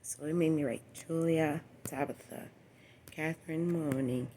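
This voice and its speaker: A woman in her late twenties telling a rambling personal story to the camera, cursing often and swinging between a low murmur and loud exclamations. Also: fairly even intonation, measured pace, a little hiss or hum. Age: 20s. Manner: profane, repetitive, meandering storytelling. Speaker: vlogger.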